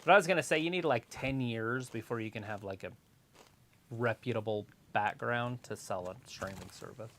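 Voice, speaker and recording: A man's voice: mid-range voice, normal speed, a bit bright. A man co-hosting a casual live watch-along stream, making offhand, opinionated and teasing remarks. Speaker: stream co-host.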